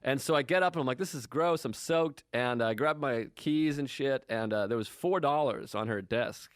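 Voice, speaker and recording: A man's voice: medium pitch, normal speed, no room sound, clean studio sound. A young man co-hosting a comedy podcast, telling crude stories in casual chat and laughing often. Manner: crude storytelling, acts out voices, laughs often. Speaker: podcast co-host.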